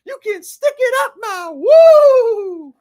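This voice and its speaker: A man putting on a rowdy, over-the-top soul singer, shouting and boasting. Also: extremely high pitch, animated, slow pace, pitched above the performer's own voice, exaggerated voice. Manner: shouting, wild.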